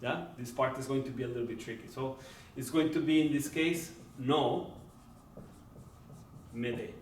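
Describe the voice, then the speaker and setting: A man teaching a Spanish grammar lesson, speaking slowly and repeating words while checking in with his listeners. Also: medium pitch. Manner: slow and deliberate, repeating words, checking in with "right?" and "okay?". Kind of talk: classroom lecture. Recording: echoey room, voice from far off, faint background noise.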